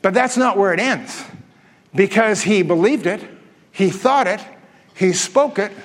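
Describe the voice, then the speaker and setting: High-voiced preacher in an echoing hall. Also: male voice, animated, measured pace. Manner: conversational, asks the congregation questions. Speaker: pastor. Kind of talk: sermon. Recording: long hall reverb.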